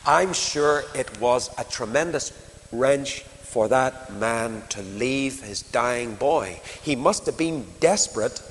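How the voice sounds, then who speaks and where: A man's voice: medium pitch, big-room sound. A man preaching a sermon, retelling a Bible story dramatically with many questions to the listeners, in a church.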